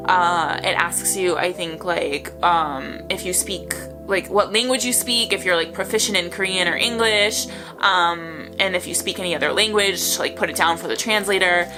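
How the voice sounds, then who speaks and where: Excitable young woman vlogging, swears a lot. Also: lowish voice, music in the background. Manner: excitable, swears a lot, talks fast with many fillers. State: shaky and tearful with excitement. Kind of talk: casual vlog talk to camera. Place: bedroom at home, early morning.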